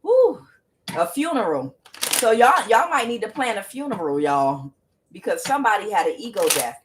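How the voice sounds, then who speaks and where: A woman's voice: medium pitch, lively intonation, normal speed, noisy background. A woman giving a casual tarot reading to camera, emphatic and exclaiming, talking straight to her viewers. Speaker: tarot reader.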